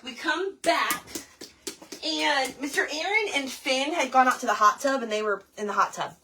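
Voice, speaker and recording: A woman's voice: high voice, moderate pace, husky. A woman, chatting to viewers as she crafts and tells a story. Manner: chatty, animated, talks to viewers as y'all. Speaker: craft livestream host. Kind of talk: casual storytelling while crafting.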